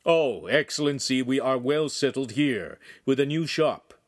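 A man's voice: medium pitch, measured pace, dry recording, natural voice. A humble middle-aged craftsman pleads politely with a nobleman, as a man reading the story puts him on. He sounds deferential and anxious. The recording is dry and close. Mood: deferential pleading. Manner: pleading, respectful.

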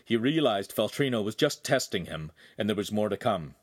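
A man's voice: fairly low pitch, lively intonation, normal speed, husky, dry recording, clean studio sound. A man reading a young adult novel aloud as the narrator, telling an action scene vividly. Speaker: audiobook narrator. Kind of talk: scripted narration.

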